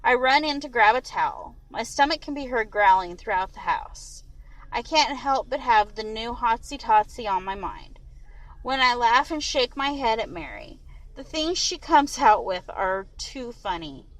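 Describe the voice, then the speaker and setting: A woman reading a first-person novel aloud in an expressive, lively way. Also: fairly high pitch, a little slow, poor audio. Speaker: audiobook reader.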